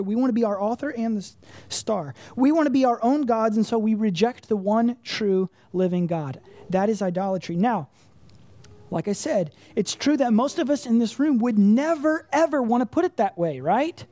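A woman preaching a sermon in a mellow, warm tone. She speaks conversationally, leaning on rhetorical questions and emphatic repetition. The sound is dry and close. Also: fairly high pitch, lively intonation, fairly quick, no room sound. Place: church congregation room.

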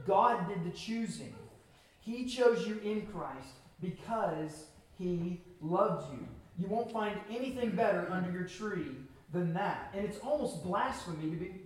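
A man preaching a sermon as pastor to his church, with earnest emphasis and pauses. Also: high voice. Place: church sanctuary. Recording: very echoey hall, from a distance.

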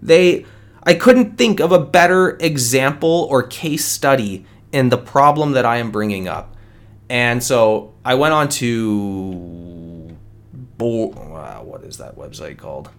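A man's voice: medium pitch, animated, slow. A man hosting a solo podcast, arguing his view in an earnest, conversational way with many restarts. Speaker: podcast host. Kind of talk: solo opinion podcast monologue.

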